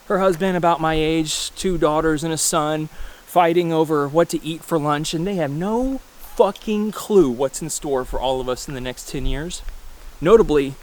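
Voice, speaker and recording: A man in his mid-thirties delivers a loose, rambling monologue to his viewers. He is blunt and swears freely, often restarting his sentences as he talks. His voice sits slightly high for a man. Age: 30s. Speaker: vlogger. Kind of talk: casual ranting monologue.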